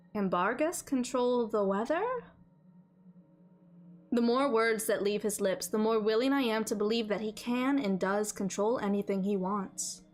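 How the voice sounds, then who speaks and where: A woman streamer reading a visual novel aloud and riffing on it, animated and playful, repeating phrases for laughs. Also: a little high. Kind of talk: let's-play commentary and visual novel narration.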